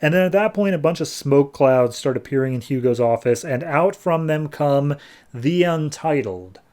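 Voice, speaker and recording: A man's voice: on the high side, lively intonation, normal speed, darkish tone. Rambling man recapping comics. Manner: rambling, filler-heavy retelling. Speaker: podcast host. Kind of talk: casual comic book recap.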